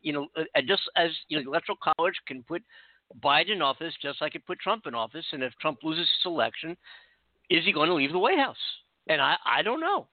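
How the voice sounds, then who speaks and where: An American man with a fairly high voice hosts a casual radio talk show, very animated and fast-talking, earnest and rambling with frequent restarts. There's no echo, and the sound is tinny and dry like a phone line.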